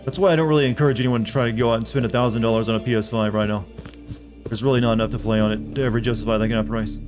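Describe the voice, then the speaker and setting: A man streaming a video game from a home desk microphone, talking quickly in a middling voice. He rambles through replies to his viewers with teasing, offhand humor and now and then reads menu text aloud. Soft game music plays underneath. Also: medium pitch, steady tone. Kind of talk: live game stream commentary.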